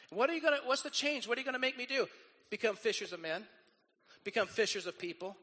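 A man preaching with a high, bright voice, animated and quick to act out the people in his story. His sermon rings through a large hall with a long reverb. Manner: animated, acts out quoted voices. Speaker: pastor.

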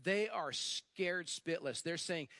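Animated, bright-voiced male preacher. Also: a little high, no echo. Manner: animated storytelling, acts out quoted lines; emphatic, repeats phrases, slows for stress. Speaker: pastor. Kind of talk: sermon.

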